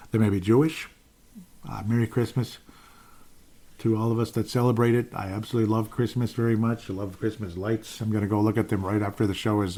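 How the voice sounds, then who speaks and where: A man's voice: lowish voice, mellow. A man hosting a casual solo sports podcast, rambling along with frequent fillers and restarts. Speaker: podcast host.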